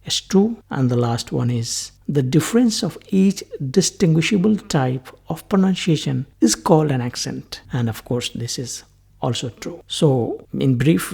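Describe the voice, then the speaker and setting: A man giving a recorded linguistics lecture, explaining slowly and repeating his points. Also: fairly high pitch, gravelly, darkish tone, slightly rough.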